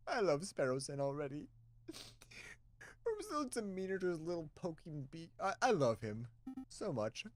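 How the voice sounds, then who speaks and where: A man's voice: a little high, big pitch swings, moderate pace, long pauses, dry recording. A man hosting a let's play, reading and joking along in a playful way. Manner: playful and giggly. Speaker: gaming channel host.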